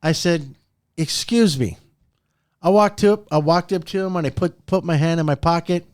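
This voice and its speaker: A man's voice: normal speed, no echo, clean studio sound. A man hosting a motivational podcast, talking with animation and telling stories with frequent laughter. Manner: animated, swoops pitch up and down for emphasis; storytelling, laughs often. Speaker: podcast host.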